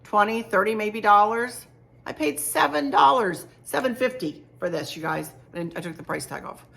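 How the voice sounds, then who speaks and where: A woman's voice: medium pitch, animated, moderate pace, gravelly, a bit bright. A middle-aged woman chatting casually to camera about a shopping haul, chatty and gushing, often repeating herself. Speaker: home decor vlogger.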